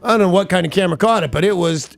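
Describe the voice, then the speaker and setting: A man's voice: sits high, very fast, creaky, faint music behind. A man hosting a morning radio show, opinionated and sardonic in his asides. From United States.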